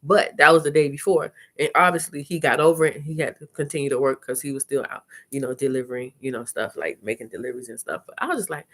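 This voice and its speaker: Woman live-streaming, slightly low voice, chatty and animated, swears freely, casual storytelling. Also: fast, few pauses. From lived in New Orleans. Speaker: vlogger hosting a live chat.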